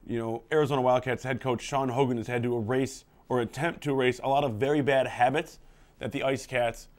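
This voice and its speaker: A man's voice: medium pitch, steady tone, brisk. A man giving confident sports analysis on a student TV show, rattling off statistics.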